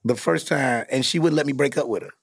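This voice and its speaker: A middle-aged man hosting a podcast in casual chat, telling animated, profane stories and laughing often. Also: medium pitch, quick pace, gravelly, no echo, clean studio sound. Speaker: podcast host.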